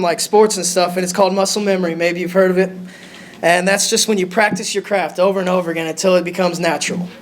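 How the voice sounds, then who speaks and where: A young man giving a short lesson in a church sanctuary, speaking in a nervous, halting way and restarting his sentences often. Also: high-pitched, a little hiss or hum. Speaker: lay preacher.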